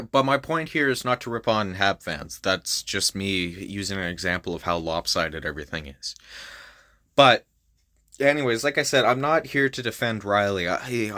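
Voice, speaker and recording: A young man from Canada with a bright, ringing voice vents in a loose, unscripted rant. He swears freely and sounds fired up and exasperated. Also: on the low side, no echo, clean studio sound. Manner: heavy swearing, fired-up and frustrated. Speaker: vlogger. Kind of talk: casual opinion rant.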